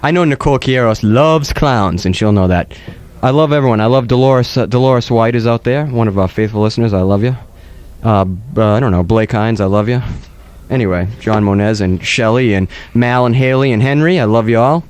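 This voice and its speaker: A man's voice: mid-range voice, fairly quick, darkish tone, smooth. A man hosting a comedic radio show, rambling and playful with mock-dramatic asides.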